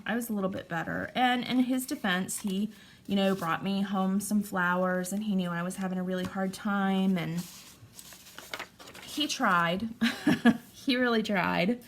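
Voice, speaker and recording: A woman's voice: on the low side, a bit bright, a little hiss or hum. A woman in her forties chatting candidly to her viewers while crafting, talking through a hard stretch with many fillers. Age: 40s. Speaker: vlogger, stay-at-home mother. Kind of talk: casual chat to camera while crafting.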